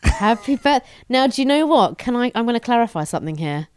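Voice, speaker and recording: Woman co-host, lively chatty delivery, dry close studio sound. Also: fairly high pitch, brisk, smooth, no echo. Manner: giggly, frank, chatty. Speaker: podcast co-host. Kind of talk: casual podcast chat.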